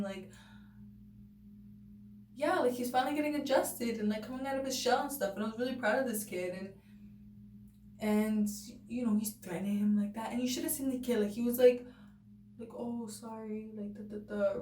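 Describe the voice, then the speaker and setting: A young woman tells a personal story in a loose, chatty vlog style, padding her sentences with "like" and "you know" and slipping into the voices of the people she quotes. Her voice sits at an ordinary pitch for a woman. The recording sounds roomy and a little distant from the mic, with a faint noise underneath. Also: a little mellow. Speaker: vlogger. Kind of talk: casual storytelling to camera.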